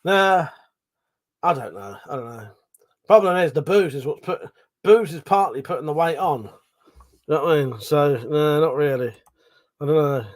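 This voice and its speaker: A man's voice: fairly high pitch, expressive, moderate pace, long pauses. A middle-aged man hosting a casual livestream, reading chat messages aloud, swearing freely, laughing and mumbling asides. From Britain.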